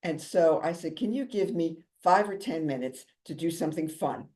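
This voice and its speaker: Her calming voice sits on the low side as she talks at a moderate pace, with hardly any pauses. She's a drum therapist and speaker giving a motivational talk in a chatty, jokey way, and her tone is soothing.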